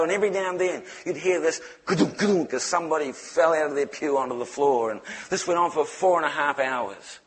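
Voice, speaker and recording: Kiwi preacher guy telling a funny testimony, fairly high voice, lively delivery. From New Zealand. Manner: animated, humorous storytelling. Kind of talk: testimony sermon.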